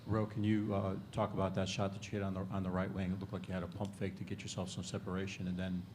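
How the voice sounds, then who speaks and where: A man's voice: low-pitched, completely flat delivery, fast, darkish tone, a little hiss or hum. A male sports reporter asking long, polite questions at a press conference. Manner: polite, congratulatory, rambling questions.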